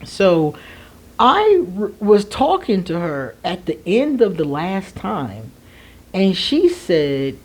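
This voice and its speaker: A woman in her forties talking candidly to viewers, animated and laughing, with slangy asides. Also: mid-range voice, takes it slowly. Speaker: astrology vlogger. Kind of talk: candid storytelling chat to viewers.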